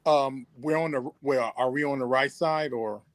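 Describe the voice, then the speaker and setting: A man's voice: mid-range voice, normal speed, no room sound. A man in a language class, answering hesitantly with many fillers. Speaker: student.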